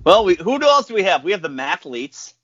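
A man hosting a casual group chat, animated and laughing often. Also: sits high, brisk, no echo, highs cut off. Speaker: podcast host.

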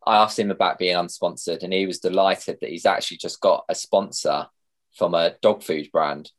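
Man, young adult, low voice, casual rambling chat, podcast co-host. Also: steady tone, normal speed. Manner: chatty, rambling with fillers.

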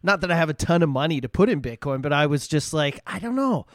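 A man's voice: a little high, animated, fast talker, fairly bright tone, no room sound. A man co-hosting a podcast, chatting in an easygoing, conversational way. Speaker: podcast co-host. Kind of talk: casual chat.

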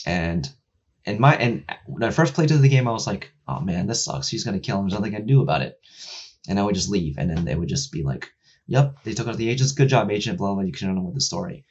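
A man in casual chat with a low, husky voice, rambling and swearing through many fillers. He acts out the characters' lines as he retells a story. The sound is dull and lo-fi. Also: a little fast. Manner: gets loud and excited when making a point.

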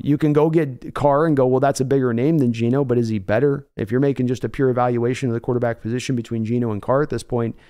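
A man's voice: mid-range voice, darkish tone, smooth. A man hosting a live sports stream, chatting casually and answering viewers by name. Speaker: sports podcast host reading chat.

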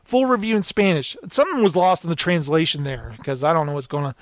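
A man's voice: on the high side, quick pace, dry recording, clean studio sound. A man co-hosting a podcast, reading out reviews in a jokey way and laughing often. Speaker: podcast co-host.

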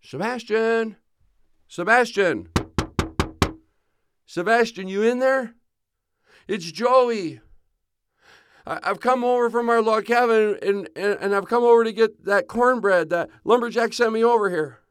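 A man voicing a jumpy, easily frightened young man in a spoken story, with a high, stammering voice. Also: normal speed, darkish tone, no room sound, studio quality. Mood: calling out.

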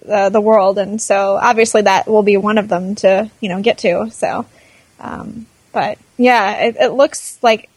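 A woman's voice: on the high side, no echo. A woman co-hosting a live show, chatting in a rambling way with lots of fillers. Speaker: co-host. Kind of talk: casual live show chat.

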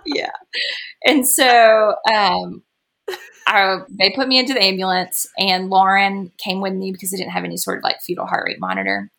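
Chatty woman with a gravelly edge. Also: medium pitch, a bit bright. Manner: chatty, laughs often between sentences. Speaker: podcast guest. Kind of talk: casual storytelling.

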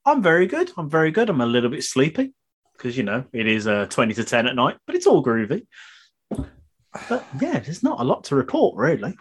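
A man's voice: mid-range voice, sing-song, normal speed, breathy edge. Playful Brummie podcast co-host man. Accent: Birmingham. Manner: playful, sleepy, theatrical intros. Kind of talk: casual chat.

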